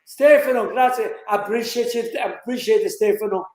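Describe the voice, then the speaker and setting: A man chatting as a guest on a show, joking and breaking into loud exclamations. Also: high voice, a little fast. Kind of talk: casual chat. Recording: echoey room audio.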